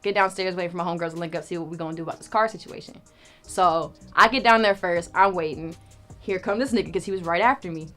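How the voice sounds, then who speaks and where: Young woman rattling off a story fast, animated, swears a lot, acts out the quotes, music faint underneath. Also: lowish voice. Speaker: storyteller guest. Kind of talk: casual storytelling.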